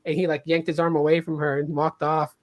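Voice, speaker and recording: A man with an animated way of telling a story, who acts out the people he quotes. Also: fairly quick, dry recording. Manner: animated, acts out quotes with jumps in pitch and loudness. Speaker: podcast host. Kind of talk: casual storytelling.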